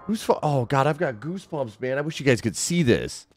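A man's voice: medium pitch, expressive, fairly quick, no echo, faint music behind. A young man streaming a horror game, talking nervously with jumpy, self-mocking remarks. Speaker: gaming streamer. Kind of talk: horror game let's play commentary.

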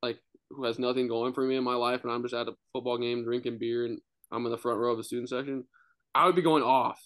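A man's voice: mid-range voice, completely flat delivery, quick pace, clean tone, dry recording. A young man in his twenties, a podcast guest telling a loose, rambling story in casual chat, full of filler words. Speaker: guest, college quarterback.

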